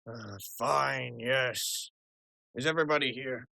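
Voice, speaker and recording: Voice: mid-range voice, fairly even intonation, slow pace, vocal fry, bright, forceful tone, exaggerated voice. A young actor playing a rich, forgetful father who blusters and stammers, in a school play over a video call. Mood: gruff. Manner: blustering, stammering, snaps then coos. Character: rich, forgetful old father, gruff and doting.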